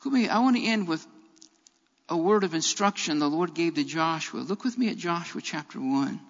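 A man's voice: on the high side, animated, fairly quick. A man preaching a sermon in a church, emphatic and repeating his key phrases. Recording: reverberant, dull lo-fi sound.

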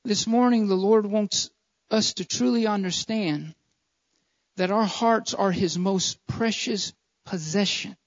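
A man's voice: high-pitched, slow pace. Male preacher, fervent, dull lo-fi recording. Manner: fervent preaching with repeated appeals to the congregation. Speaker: pastor. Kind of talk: sermon. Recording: dull lo-fi sound.

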